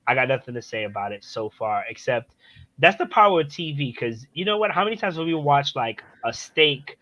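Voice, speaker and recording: Bright-voiced man on dull lo-fi audio. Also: medium pitch, big pitch swings, brisk, dry recording. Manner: rambling, full of fillers. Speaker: podcast co-host. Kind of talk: casual chat.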